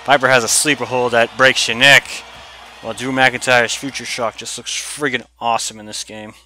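A man giving casual let's-play commentary over a wrestling video game, chatty and excitable and laughing often. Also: mid-range voice, normal speed, faint music behind. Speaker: gameplay commentator.

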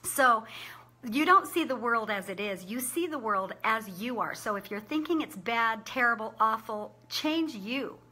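Middle-aged lady chatting to camera, kinda high, really bright voice, laughs a lot. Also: expressive, a little slow. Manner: chatty and upbeat, laughing often. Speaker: business owner sharing conference takeaways. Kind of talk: casual talk to camera.

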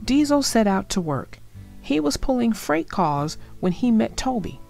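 A woman reading a children's picture book aloud in a gentle, expressive way. Her voice has a slightly gravelly grain and moves widely in pitch, at a slow, unhurried pace. Soft music plays faintly behind her. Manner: expressive, gentle storybook delivery. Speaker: storyteller. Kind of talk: children's read-aloud storytelling.

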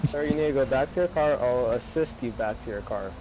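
A man role-playing a highway trooper in a game, giving firm instructions. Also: a little fast, mellow, slight background noise, low-quality recording. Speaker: roleplayer as a highway police trooper. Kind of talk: game role-play chat.

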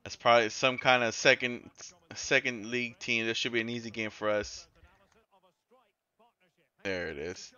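A man giving casual, excitable gameplay commentary as a gaming YouTuber, yelling and swearing when the game goes wrong. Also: medium pitch, moderate pace, pauses often, smooth, highs cut off.

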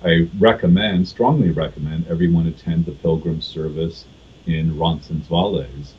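A man from California, a guest on a podcast, recounting his travels in a measured, thoughtful way with frequent fillers. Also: low voice, steady tone, slightly rough, highs cut off. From California, USA. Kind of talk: casual podcast interview.

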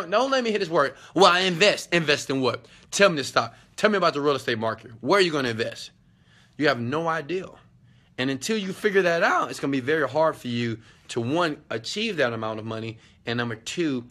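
A man's voice: medium pitch, fairly bright tone. A man hosting a casual live motivational talk, answering viewer questions in an emphatic, preachy way, firing off rhetorical questions and slangy asides. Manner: emphatic and preachy, often checks in with "okay?".

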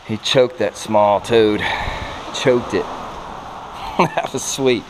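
A man, filming himself fishing for bass and exclaiming at each catch. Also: slow. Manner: excitable, exclaims often, laughs a lot. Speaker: fishing vlogger. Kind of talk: excited outdoor commentary. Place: outdoors by a creek under a bridge. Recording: noisy outdoor camera audio.

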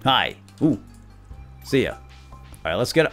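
A young man hosting a casual let's play, goofing around and jumping between squeaky put-on voices and low mumbles. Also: very animated, normal speed, a bit bright, soft background music. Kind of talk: casual gameplay commentary.

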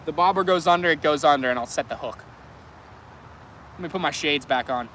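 A man chatting to viewers in a casual outdoor fishing vlog, excitable and talkative, recorded on a camera mic by a canal. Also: on the high side, a little fast, slight background noise. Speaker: fishing vlogger.

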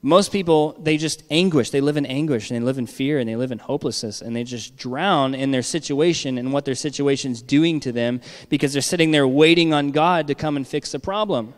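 A male pastor delivers a sermon in a relaxed, conversational style, frequently pausing to ask "all right?" to check in with listeners. His middle-pitched voice has a long reverb, as though filling a church hall.

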